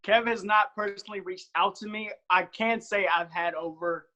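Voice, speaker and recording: A young man in his twenties, a podcast guest, telling animated stories and acting out his own quotes in casual chat. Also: high voice, normal speed. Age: 20s.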